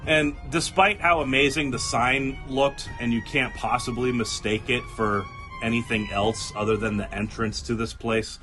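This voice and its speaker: A man hosting a casual podcast, telling stories in an animated way and acting out quoted people with laughter. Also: medium pitch, moderate pace, faint music behind. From New England. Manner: animated storyteller, acts out quotes, laughs often. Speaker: podcast host.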